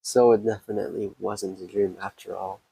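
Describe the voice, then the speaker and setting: Low gravelly man reading game text. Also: little pitch movement, mellow, rough recording. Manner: reads game text aloud in a low, subdued voice, breaking off for quick asides. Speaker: streamer reading a visual novel aloud. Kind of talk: casual game reading and commentary.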